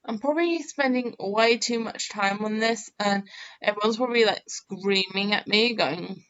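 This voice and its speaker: A woman's voice: medium pitch, normal speed, a bit bright, dull audio, a little hiss or hum. A woman giving chatty, self-mocking gameplay commentary, thinking aloud with plenty of fillers. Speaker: game channel host.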